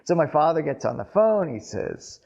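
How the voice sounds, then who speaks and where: A man telling a family story to a live audience in an animated storytelling style with wry asides. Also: fairly high pitch, normal speed, creaky, highs cut off.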